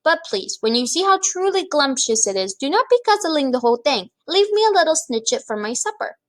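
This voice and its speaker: A woman's voice: high voice, very animated, fairly quick, voice pushed up. A woman voicing a kind, timid male giant who speaks earnestly with jumbled grammar in a storybook reading. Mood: earnest pleading.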